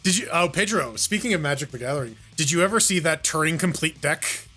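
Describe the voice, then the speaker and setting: Higher, bright-toned male co-host; fast, self-mocking podcast chatter with faint music behind. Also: expressive. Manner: quick, joking, self-mocking. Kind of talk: casual gaming podcast banter.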